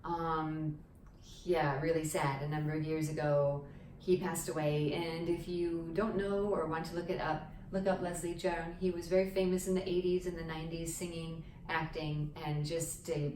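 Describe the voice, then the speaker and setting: A woman with a fairly low voice talks through a casual language lesson. She explains things step by step and keeps checking in with the listener. The sound is roomy and a little distant, with faint ambience behind her. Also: darkish tone, a little hiss or hum. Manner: chatty, explains with many "okay" and "right?" checks. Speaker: Cantonese teacher. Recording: echoey room, a bit distant from the mic.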